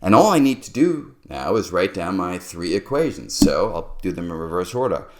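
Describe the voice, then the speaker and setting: A man's voice: low-pitched, very animated, normal speed, noisy background. A middle-aged man explaining a physics derivation step by step, musing aloud as he writes. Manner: musing, talks to himself while writing. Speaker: physics lecturer.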